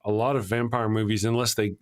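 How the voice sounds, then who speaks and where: A man's voice: on the low side, little pitch movement, fast talker. Chuckling male podcast host. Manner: laughs often, reads viewer super chats aloud. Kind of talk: casual livestream chat.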